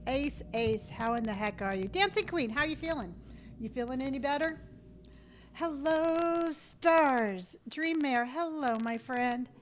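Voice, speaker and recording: A high-pitched woman hosts a live stream from her home setup. She chats casually and cheerfully and greets her viewers in a playful, repetitive sing-song. A faint hum of ambient noise sits behind her voice. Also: low-quality recording. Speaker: livestream host.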